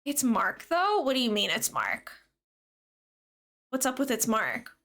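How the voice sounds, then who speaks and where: Bubbly girl streaming, high bouncy voice, bright and chatty, giggles a lot. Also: wildly swooping pitch, unhurried. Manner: bubbly, chatty, giggly, reads chat aloud. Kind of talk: casual livestream chat with viewers.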